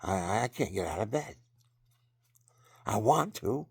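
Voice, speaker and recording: A man's voice: lowish voice, sing-song, slow pace, gravelly, husky, no room sound, clean studio sound. An older man rambling through personal stories and religious advice, often restarting sentences and chuckling at himself. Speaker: vlogger telling personal stories.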